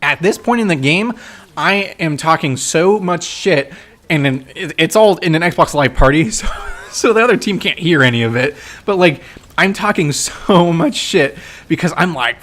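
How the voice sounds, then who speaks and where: Brief: young male game commentator, excitable and profane, a little higher than usual. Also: moderate pace. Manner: excitable, swears, shouts when reenacting his trash talk. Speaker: gameplay commentator. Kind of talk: casual match breakdown commentary.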